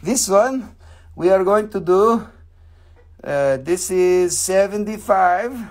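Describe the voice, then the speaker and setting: A man's voice: high-pitched, slow, a little mellow. A man hosting a live stream and selling rocks and crystals, with a playful, rambling, joking sales patter that repeats itself.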